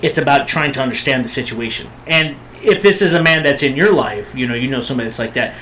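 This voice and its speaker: A man's voice: mid-range voice, quick pace, pushed and bright, a little hiss or hum, rough recording. A man co-hosting a podcast, talking bluntly in casual chat and swearing a lot for emphasis. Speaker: podcast co-host.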